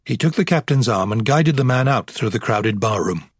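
Male narrator, husky voice, measured reading, dry close sound. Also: mid-range voice, no echo. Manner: measured, even storytelling. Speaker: audiobook narrator. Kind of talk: scripted narration.

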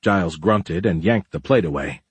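A man narrating an audiobook in a steady, even-paced way. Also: deep voice, moderate pace, slightly rough, no room sound.

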